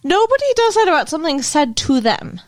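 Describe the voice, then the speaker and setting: A woman's voice: sits high, big pitch swings, brisk. A woman co-hosting a podcast, recapping a TV episode in casual chat, chatty and giggly, saying "like" a lot. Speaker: podcast co-host.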